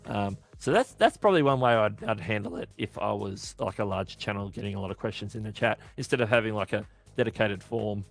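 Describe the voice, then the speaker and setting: A man's voice: lowish voice, expressive, fairly quick, gravelly, few pauses, soft background music. Chatty Australian man hosting a livestream. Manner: chatty, self-correcting, answering chat questions. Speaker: livestream host. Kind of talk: casual live-stream Q&A.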